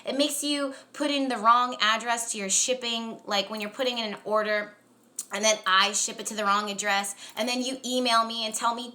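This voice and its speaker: A woman hosting a casual live astrology chat on a stream, talking chattily with lots of "like"s, quick laughs and emphatic rants. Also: on the high side, sharp tone. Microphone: phone or webcam on a live stream.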